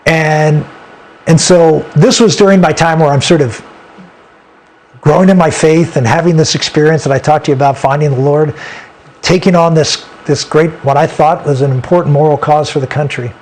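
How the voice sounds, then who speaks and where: A man's voice: a little high, steady tone, darkish tone. Earnest man telling a personal story. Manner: earnest and halting, with frequent restarts. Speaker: interview guest. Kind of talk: personal storytelling in a sit-down interview.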